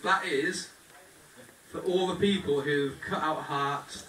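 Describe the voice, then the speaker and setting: A man's voice: a little high, takes it slowly, a little hiss or hum. A young man giving a jokey, thankful groom's speech at his wedding and talking straight to the guests. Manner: jokey, thankful, addresses the crowd directly. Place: wedding reception hall. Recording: echoey hall, mic far off, loud crowd. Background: guests laughing and chattering.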